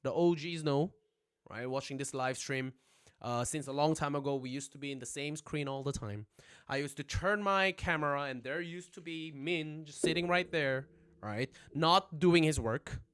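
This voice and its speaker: Young male livestream teacher, slightly high voice, rambling and profane, asks "right?" every few lines, phone mic at home. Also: normal speed, a bit bright, clear, resonant tone. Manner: joking, rambling, profane, says "right?" a lot. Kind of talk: casual livestream lesson.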